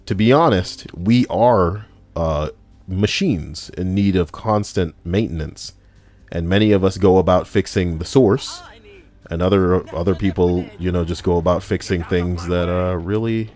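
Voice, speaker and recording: A man's voice: low-pitched, measured pace, darkish tone. A man hosting a casual podcast while gaming, rambling and swearing freely as he reads chat aloud. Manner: rambling, profane, many fillers. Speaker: podcast host and streamer.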